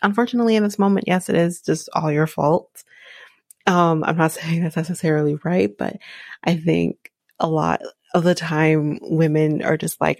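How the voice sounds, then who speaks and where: A woman's voice: on the low side, moderate pace, gravelly, a little mellow, no room sound. A woman hosting a reality show recap podcast, giving blunt, profane opinions in casual commentary. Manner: blunt, profane, talks through fillers.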